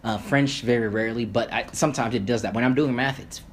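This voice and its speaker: Rambling, animated man, faint background hiss. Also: mid-range voice, quick pace. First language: Creole. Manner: rambling, animated, swears, many fillers and restarts. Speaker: podcast guest. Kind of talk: casual conversation.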